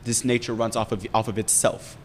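Fast-talking young man telling a candid story. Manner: candid, profane, animated storytelling. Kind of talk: casual storytelling chat. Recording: roomy reverb with faint rumble.

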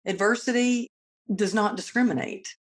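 A woman's voice: medium pitch, moderate pace. A middle-aged woman hosting a conversation, openly sharing personal struggles in a confessional way. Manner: open, confessional storytelling. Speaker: podcast host.

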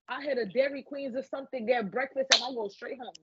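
A woman's voice: sits high, fast, breathy edge. Woman with a New York accent. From the Bronx, New York. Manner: animated, profane, slangy. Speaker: guest. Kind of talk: casual interview chat. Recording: dull lo-fi audio with faint noise.

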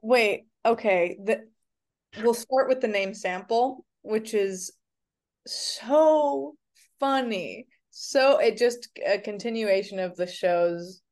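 A woman's voice: a little high, takes it slowly, darkish tone. A woman co-hosting a podcast, joking playfully and swearing casually as she recaps a TV episode. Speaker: podcast co-host.

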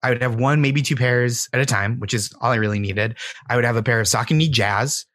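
A man's voice: mid-range voice, little pitch movement, quick pace, a bit bright, no room sound, studio quality. A man, a guest comedian, telling rambling stories in casual podcast chat, with lots of fillers and laughs. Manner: laid-back, rambling with many fillers and laughs.

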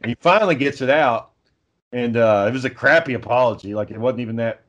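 A man's voice: medium pitch, fast, a bit bright, dull audio. A man in casual podcast chat, telling a long story with plenty of swearing, fillers and restarts. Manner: rambling profane storytelling with many fillers.

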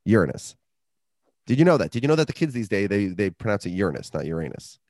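Man, low voice, very animated, fast talker, jokey podcast co-host, dry close sound. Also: dry recording. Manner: jokey, rambling, lively. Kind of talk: casual sports chat with ad read.

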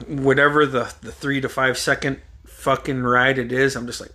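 A man's voice: mid-range voice, flat delivery, normal speed, bright, forceful tone. A man telling a rambling, profanity-laced anecdote in casual chat.

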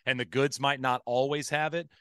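A man's voice: mid-range voice, steady tone, moderate pace, bright, forceful tone, clean tone, no echo, studio quality. A man hosting a golf podcast, asking long, rambling, thoughtful questions in casual chat. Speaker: podcast host.

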